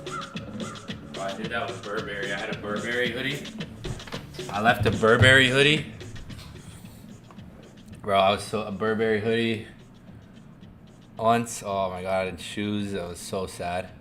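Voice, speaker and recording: Deep-voiced man cursing on a trading stream. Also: steady tone, unhurried, pauses often, sharp tone, faint music behind. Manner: loose and profane, swings between hype and muttering. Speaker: forex trading livestream host. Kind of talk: casual live-stream chat.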